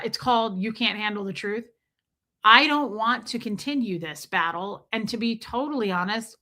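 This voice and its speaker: A woman's voice: fairly high pitch, sharp tone. A middle-aged American woman hosting a live stream, talking bluntly and profanely while reading viewers' chat messages. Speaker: livestream host. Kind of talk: live-stream commentary, reading super chats.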